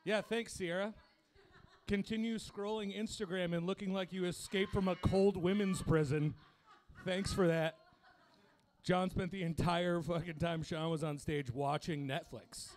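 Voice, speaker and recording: A man's voice: high-pitched, fairly even intonation, measured pace, a little hiss or hum. A young man doing a crude, self-deprecating stand-up set, laughing at his own jokes. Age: young adult. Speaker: stand-up comedian.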